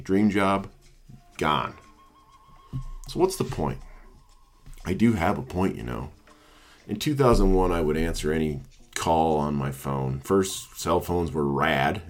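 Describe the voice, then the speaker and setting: A man in his thirties, a salesperson, reading a humorous personal essay aloud in a wry, self-mocking way. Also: sits low. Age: 30s. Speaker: salesperson and blogger.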